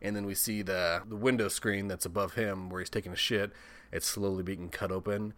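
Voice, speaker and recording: A man's voice: sits low, steady tone, fairly quick, fairly bright tone. A man casually recapping a horror film, swearing often, chuckling and tossing in comic asides. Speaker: podcast host.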